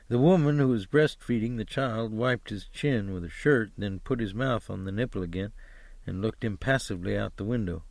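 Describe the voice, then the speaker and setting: Steady male audiobook narrator, dry sound. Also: fairly low pitch, creaky, no room sound. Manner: steady, measured, descriptive reading.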